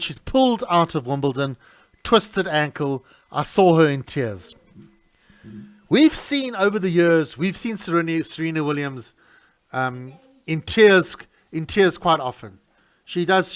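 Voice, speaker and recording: A middle-aged man, talking casually on his radio show in an animated, indignant way with many restarts. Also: high voice. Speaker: radio host. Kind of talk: casual talk-radio monologue.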